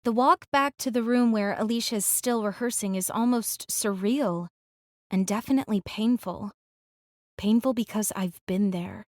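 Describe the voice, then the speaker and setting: A woman narrating a first-person audiobook in a reflective, rueful way, moving quickly through her thoughts. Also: mid-range voice, no echo, clean studio sound. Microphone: close studio mic.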